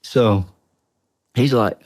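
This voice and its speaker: A man's voice: mid-range voice, very slow, darkish tone, dry recording. A man, a guest on an interview show, earnestly recounting a tense personal experience, often breaking off and restarting. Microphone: studio podcast mic.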